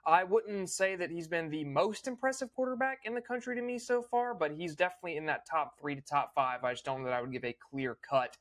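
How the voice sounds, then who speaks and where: A young man hosting a casual recap, opinionated and fluent, with quick small restarts. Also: a little high, fairly bright tone. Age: young adult. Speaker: host.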